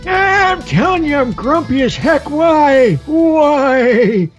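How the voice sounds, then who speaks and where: A man's voice: expressive, slow, faint music behind, full character voice. A man putting on a whiny grumpy old man. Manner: griping, high strained voice.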